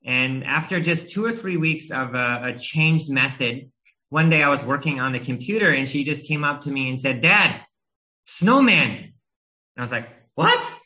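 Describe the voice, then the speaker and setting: A man in his thirties preaching a sermon, telling a family story in an earnest, gentle way with a few hesitations. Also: medium pitch, normal speed, low-quality recording.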